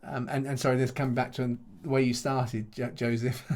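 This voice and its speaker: Halting, chuckling middle-aged male pastor. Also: mid-range voice, flat delivery, darkish tone. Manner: thoughtful, halting, many restarts and repeated words, chuckles often. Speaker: pastor and Bible teacher. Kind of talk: conversational Q&A answer after a teaching session.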